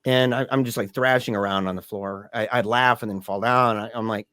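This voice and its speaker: A middle-aged man telling a personal story as a podcast guest, in a halting, conversational way with restarts and soft laughs. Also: fairly low pitch, fairly even intonation, no echo.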